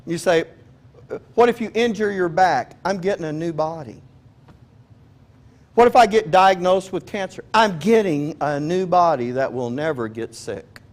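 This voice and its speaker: A man's voice: on the high side, a little slow. A man preaching a sermon in a conversational, joking way, often asking his listeners questions. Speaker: pastor.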